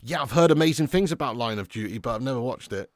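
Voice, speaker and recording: A young man hosting a live football watch-along, chatting casually and answering viewer comments between bursts of excitement at the match. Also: medium pitch, fast talker, dry recording, clean studio sound.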